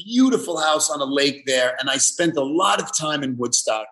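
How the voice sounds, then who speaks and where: A man, chatting as a guest in an interview, halting and easygoing. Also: a little high, animated, a bit bright. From the Bronx, New York. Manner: halting, restarts often, easygoing. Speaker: guest actor. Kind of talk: casual interview chat.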